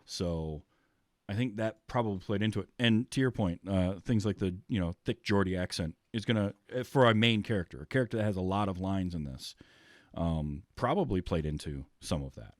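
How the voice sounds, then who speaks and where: An American man hosts a casual movie podcast in a fairly low voice. The recording is dry and close. He rambles through his thoughts with plenty of ums and restarts. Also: fairly quick, dry recording. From United States. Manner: rambling, many ums, laughs easily. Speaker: podcast host. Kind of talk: casual chat.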